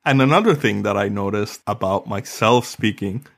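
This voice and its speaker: A man talking casually as a podcast co-host, lively and quick to laugh. His voice climbs sharply when he gets worked up, then settles back into easy chat. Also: gravelly. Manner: animated, laughs often, rises in pitch when excited.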